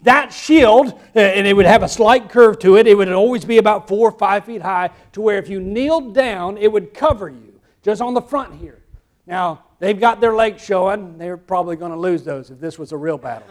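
High-voiced Southern preacher. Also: male voice, moderate pace. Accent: Southern American. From American South. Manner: swings from quiet asides to loud emphatic preaching. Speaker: pastor. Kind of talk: sermon.

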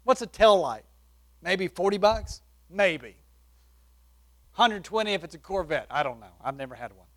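A man preaching, telling a personal testimony with animated shifts between loud and soft. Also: high-pitched, normal speed, long pauses. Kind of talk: sermon testimony story.

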